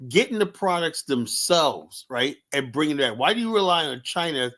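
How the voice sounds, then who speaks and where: Slightly high-voiced host calming a panel. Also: male voice, moderate pace. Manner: calming, conversational, asks questions. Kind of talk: online panel discussion.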